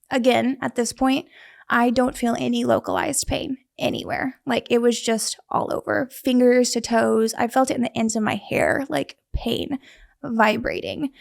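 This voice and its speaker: A woman's voice: fairly high pitch, creaky. A young woman earnestly recounting a personal story in casual conversation, with frequent restarts. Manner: vivid, earnest retelling with many restarts. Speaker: guest sharing a survival story.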